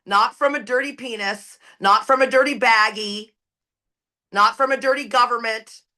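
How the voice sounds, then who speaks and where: A woman's voice: a little high, moderate pace, sharp tone. A woman speaking at a recovery meeting, giving an impassioned, preachy share with blunt, profane emphasis. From Canada. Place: recorded at an online meeting.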